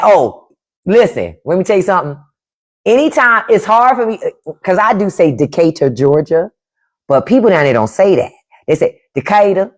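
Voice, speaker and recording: A woman hosting a casual livestream chat with viewers, animated, laughing often and mimicking family speech. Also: medium pitch. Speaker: podcast host on a livestream.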